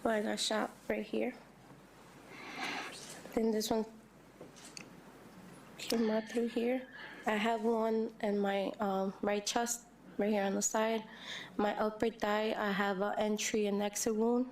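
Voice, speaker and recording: A young woman gives testimony at a public hearing in a plain, mid-height voice. Her delivery is halting, full of fillers, false starts and self-corrections as she recounts events. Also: mid-range voice, flat delivery, a little mellow, a little hiss or hum. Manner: halting, many fillers and restarts. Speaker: hearing witness.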